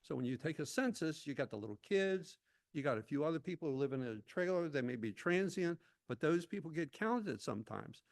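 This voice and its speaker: A man's voice: a little high, lively intonation, brisk. A man giving an intense, prepared public comment at a town hall meeting, reading his remarks with occasional asides.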